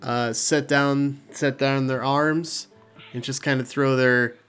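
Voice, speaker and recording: A man narrating as game master of a tabletop game, calm and unhurried, with chuckles between lines. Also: medium pitch, smooth, faint music behind.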